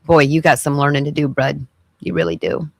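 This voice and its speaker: A woman's voice: deep voice, very animated, brisk, gravelly, no room sound, clean studio sound. A woman podcast host giving sassy, preachy commentary as she reacts to clips. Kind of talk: casual commentary.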